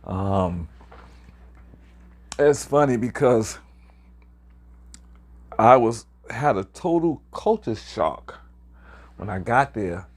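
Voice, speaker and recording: Speaking extremely slowly and pausing often, a man in his sixties from Harlem, New York, tells viewers about his travels in a lowish, slightly mellow but animated voice. It's a casual video chat, rambling and hesitant with many fillers.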